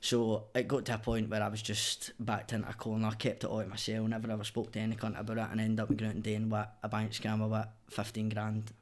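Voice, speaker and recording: A man's voice: lowish voice, completely flat delivery, fast talker, few pauses. A young man with a Glaswegian accent, telling his story as a podcast guest in blunt, sweary casual chat. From Scotland.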